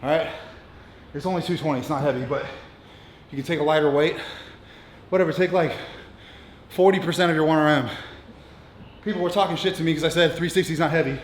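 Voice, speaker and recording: Brief: profane male strength coach in his thirties, slightly high voice, echoey gym room with faint hum. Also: fast. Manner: blunt, profane, coaching instructions between lifts. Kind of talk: gym workout vlog talk. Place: gym, indoors.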